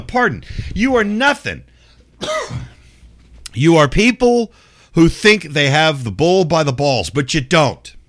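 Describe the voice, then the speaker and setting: A man's voice: a little high, huge pitch swings, slow pace, pauses often, a bit bright, no room sound, studio quality. A middle-aged man hosting a show, delivering a profane, sarcastic, exasperated ranting monologue. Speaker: show host.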